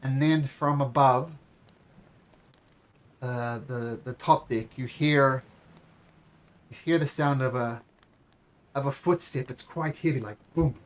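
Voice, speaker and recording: Man narrating as game master. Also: mid-range voice. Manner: descriptive, halting with fillers and restarts.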